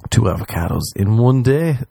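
An Irish man hosting a solo comedy podcast, rambling crudely and mocking himself, his voice leaping up in pitch for jokes. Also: big pitch swings, normal speed, gravelly, warm tone, slightly rough, dry recording. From Ireland. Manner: crude, self-mocking rambling with sudden high-pitched jumps. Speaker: podcast host. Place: small room, alone.

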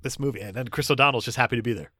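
A man's voice: mid-range voice, rapid-fire, sharp tone, dry recording, clean studio sound. A man co-hosting a podcast, joking about a movie and laughing often. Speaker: podcast co-host. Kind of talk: casual movie-riffing chat.

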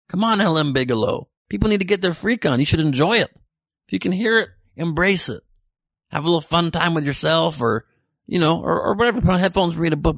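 A man's voice: fairly high pitch, a bit bright, dry recording, clean studio sound. A man hosting a comedic weekly news podcast, reading listener messages with jokey, irreverent asides. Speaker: podcast host.

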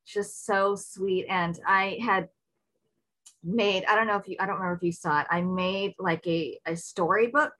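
A woman's voice: mid-range voice, moderate pace, bright, forceful tone, poor audio. A woman in casual interview chat, telling an eager, rambling fan story with many restarts. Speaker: fan recounting meeting an actor.

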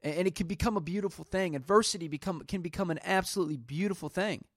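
A man hosts a solo podcast, venting about everyday pet peeves in a conversational rant. His voice sits a little high for a man, and the close mic leaves it dry with no room sound. He retells arguments by quoting both sides. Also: fast, no echo. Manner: ranting, retells arguments with quoted back-and-forth. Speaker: podcast host.

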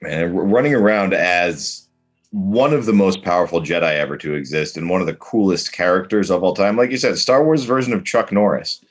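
A man co-hosting a podcast, chatting casually, knowledgeable and animated. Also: low-pitched, a little fast, husky. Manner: knowledgeable, animated, detail-heavy. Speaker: podcast co-host. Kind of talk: casual chat.

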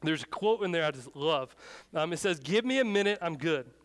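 A man's voice: fairly high pitch, expressive, brisk. Casual storytelling preacher, a man. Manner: casual, storytelling, acts out shouted dialogue. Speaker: pastor. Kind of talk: sermon.

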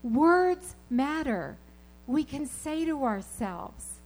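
A woman preaching a sermon, telling personal stories in an animated, emphatic way and repeating her key phrases. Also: a little high, a little slow, poor audio.

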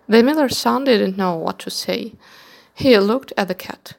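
A woman narrating a children's storybook chapter in a measured, even reading voice. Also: mid-range voice, creaky.

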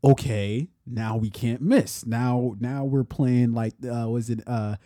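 A man's voice: medium pitch, takes it slowly, warm tone, no echo, studio quality. A man co-hosting a podcast in casual, profane chat, rambling and laughing often. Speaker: podcast co-host.

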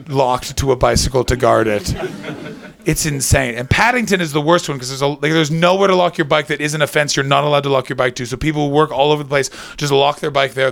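A man's voice: on the high side, gravelly, a bit bright. Sarcastic Canadian man doing stand-up. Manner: chatty, sarcastic, banters with the crowd. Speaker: stand-up comedian. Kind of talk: stand-up comedy set. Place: comedy club before a live audience.

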